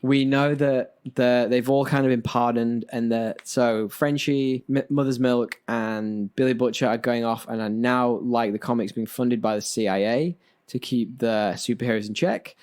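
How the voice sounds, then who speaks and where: An enthusiastic man co-hosting a casual podcast, talking at a middle pitch. He keeps the conversation moving, asking questions and pulling it back on track. His delivery is relaxed and chatty. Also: moderate pace, hardly any pauses, clean tone. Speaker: podcast co-host. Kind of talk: casual chat.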